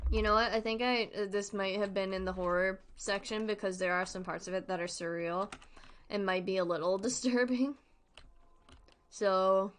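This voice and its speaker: Playful young woman streamer, slow talker. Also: mid-range voice, a bit bright. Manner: playful, giggly, chatty. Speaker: horror game streamer. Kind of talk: casual gameplay chat.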